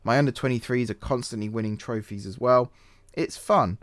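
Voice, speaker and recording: A man's voice: medium pitch, moderate pace, dry recording. Rambling self-mocking man, dry close mic. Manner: rambling, self-deprecating, many fillers and restarts. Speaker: gaming channel host. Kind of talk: casual let's-play commentary.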